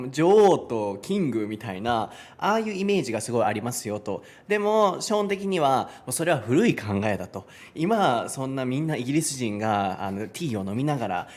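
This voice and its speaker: A man's voice: fairly high pitch, darkish tone. Thoughtful male host searching for words. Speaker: host of an English conversation lesson. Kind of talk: casual unscripted conversation in English and Japanese.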